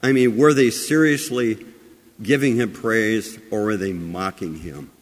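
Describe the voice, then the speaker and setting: A man preaching a sermon with many rhetorical questions, moving between loud emphasis and quiet asides. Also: on the low side, a little slow. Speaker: pastor. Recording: long hall reverb.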